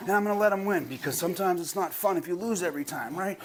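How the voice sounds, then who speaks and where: A man teaching a puppy commands on video, talking straight to viewers in a casual, chatty way. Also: a little hiss or hum. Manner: talks to the viewer and praises the puppy in a high, drawn-out voice. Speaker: dog trainer. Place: training a puppy, moving around.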